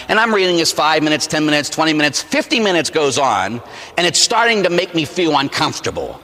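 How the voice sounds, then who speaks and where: Male Catholic preacher from Pittsburgh; bright, lively, comic storyteller. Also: a little high, brisk, long reverb tail. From Pittsburgh, USA. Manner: animated and humorous, acts out scenes. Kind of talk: storytelling sermon.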